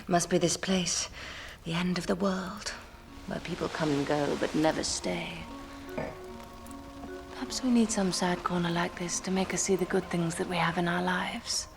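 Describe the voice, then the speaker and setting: A possessed seductress, low and slow, breathy, hungry, eerie, TV drama. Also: female voice, steady tone, music in the background. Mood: seductive. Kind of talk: TV drama acting.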